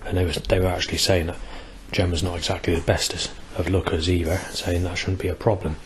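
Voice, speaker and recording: A man's voice: sits low, little pitch movement, fast, slight background noise, poor audio. A man in his forties rambling hesitantly through a video diary, full of ums and restarts. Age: 40s. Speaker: vlogger. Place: outdoors near a busy bus station.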